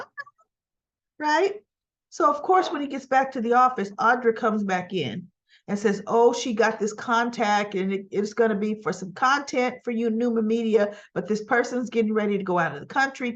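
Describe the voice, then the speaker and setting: A woman's voice: a little high, muffled recording. A woman hosting a casual recap show, retelling the scenes in a chatty way and acting out the characters' lines as quotes. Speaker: soap opera recap host. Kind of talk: casual chat.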